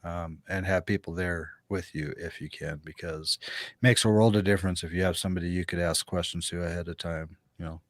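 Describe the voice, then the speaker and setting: An earnest man speaks as a guest on a livestream, passing on advice. His voice is on the low side, and the recording is dry and close. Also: steady tone, a little fast, no echo. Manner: earnest, advising, with quoted asides. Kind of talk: livestream interview.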